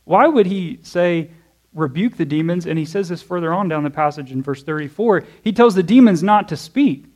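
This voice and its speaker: Guy preaching a sermon, fairly high voice, keeps saying okay? right?, chatty. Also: lively intonation, normal speed, darkish tone. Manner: conversational, checks in with "okay?" and "right?"; asks questions to the audience and answers them. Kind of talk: expository sermon. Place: church.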